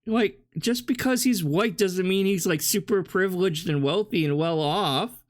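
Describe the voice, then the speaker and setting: A man's voice: high voice, normal speed. A man hosting a reaction video, talking back at a clip with mocking, combative sarcasm and plenty of swearing. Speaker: reaction channel host.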